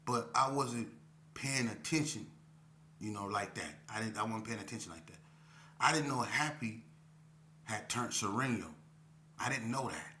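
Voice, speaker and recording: A man's voice: mid-range voice, sharp tone, reverberant, slight background noise. A man telling a prison story in casual street slang, full of fillers and acted-out quotes. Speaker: storyteller recounting prison life.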